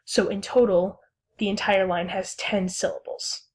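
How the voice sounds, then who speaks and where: Breathy young woman teaching slowly. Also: mid-range voice, level tone. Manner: slow, deliberate, sounding out syllables. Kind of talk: classroom lesson recording.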